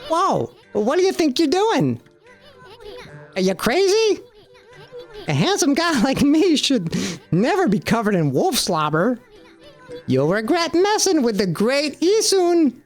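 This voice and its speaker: A man's voice: extremely high pitch, huge pitch swings, slow, pauses often, soft background music, full character voice. A man voicing a tiny, boastful male bug who calls himself a wandering artist, brash and bragging. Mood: cocky.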